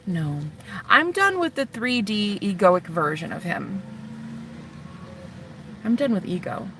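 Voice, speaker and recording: A woman's voice: medium pitch, very animated, slow, bright, forceful tone, a little hiss or hum. A woman vlogging in a casual confessional chat, rambling and chatty with lots of fillers. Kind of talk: casual confessional vlog talk.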